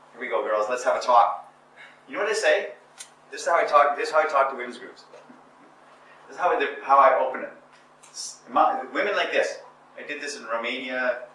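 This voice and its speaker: A man's voice: medium pitch, pushed and bright. A man giving a motivational seminar talk to an audience, emphatic and repetitive, with stammering restarts. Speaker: speaker addressing a seminar audience. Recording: echoey room from far off.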